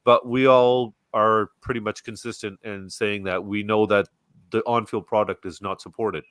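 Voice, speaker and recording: A man's voice: lowish voice, fairly even intonation, fairly bright tone, clean tone, no echo, clean studio sound. A middle-aged man from Canada, chatting earnestly and rambling a bit as co-host of a fan show over a video call. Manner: earnest, rambling, quick to laugh. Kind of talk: casual fan-show chat. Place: home near Toronto. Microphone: video call mic.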